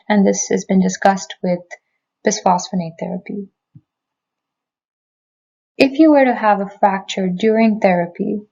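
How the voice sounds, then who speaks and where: A woman physician giving a prepared lecture, speaking in a measured, clear, explanatory way from a remote recording. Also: mid-range voice, warm tone, muffled recording. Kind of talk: prepared medical presentation. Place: remote recording, not in person.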